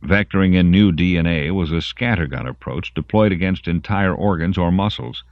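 A man narrating an audiobook in an expressive storytelling manner. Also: low-pitched, moderate pace, no room sound. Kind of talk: scripted narration. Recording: dry, muffled lo-fi audiobook.

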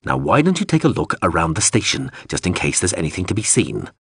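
Man voicing an impatient gruff leader, clipped curt lines, low-ish husky voice, dry audiobook sound. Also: wildly swooping pitch, quick pace, no room sound, full character voice. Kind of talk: audiobook character voice.

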